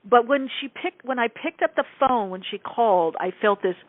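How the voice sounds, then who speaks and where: A woman radio host and psychic medium, telling a spiritual story in casual talk and acting out quoted dialogue with animated shifts. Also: fairly high pitch, moderate pace, no room sound. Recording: tinny phone-like radio broadcast, dry.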